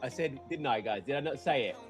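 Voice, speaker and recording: A young man hosts a live trading stream from his desk mic, talking casually and rambling through his points. He's excitable and breaks into laughter now and then, with his voice at an everyday middle pitch. Faint music runs quietly underneath. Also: quick pace.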